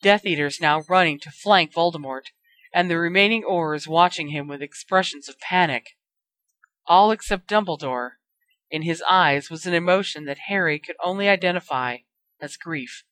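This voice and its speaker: A woman narrating a fan-fiction story in a steady storytelling voice. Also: on the low side, normal speed, no room sound. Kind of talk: reading fan fiction aloud.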